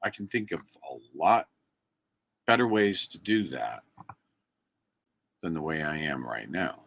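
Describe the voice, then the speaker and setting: An American activist live streamer, sitting indoors at his computer, rants angrily and emphatically into his mic, preaching to viewers. His voice is a low rumble, slow and gravelly with a slightly bright edge.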